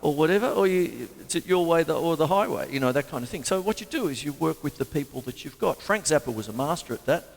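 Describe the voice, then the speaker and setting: A man's voice: fairly high pitch, lively intonation, quick pace, creaky, few pauses, big-room sound. A man hosting a casual livestream drum lesson from his home studio, chatty and rambling, laughing at his own jokes. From Australia. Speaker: drum teacher and show host.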